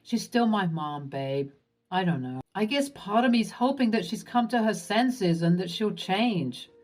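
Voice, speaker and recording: A woman voicing a gentle, conflicted young husband who speaks in a soft, pleading, measured way. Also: mid-range voice, expressive, soft background music. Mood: torn.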